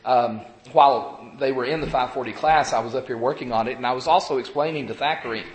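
A man's voice: medium pitch, roomy sound. Man in his fifties preaching with a cold. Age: 50s. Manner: halting, many fillers and restarts, folksy. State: recovering from a cold, talking around a cough drop. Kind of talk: evening sermon to a congregation. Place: church sanctuary. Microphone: pulpit microphone.

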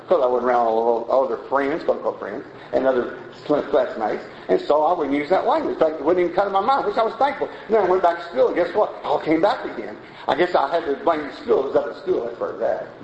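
Folksy preacher in a roomy hall. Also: male voice, on the high side. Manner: folksy, conversational preaching with asides and chuckles. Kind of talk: sermon. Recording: roomy, dull lo-fi sound with faint noise.

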